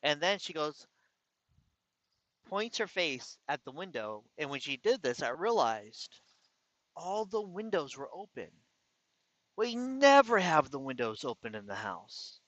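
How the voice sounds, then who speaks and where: A man earnestly recounting a painful personal story, incredulous and halting, often restarting his sentences. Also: on the high side, very animated, a bit bright, no room sound. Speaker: vlogger. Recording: slightly dull lo-fi recording.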